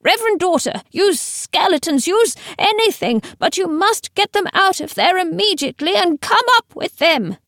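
A woman voicing a frail, terrified old male teacher in an audiobook, pleading in a high, urgent voice. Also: expressive, normal speed, a bit bright, no echo, clean studio sound. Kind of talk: audiobook character voice.

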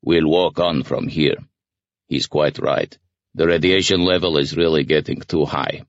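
A man voicing a stern, gruff male brigadier with a low, booming voice in an audiobook. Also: fairly even intonation, a little slow, dry recording, highs cut off.

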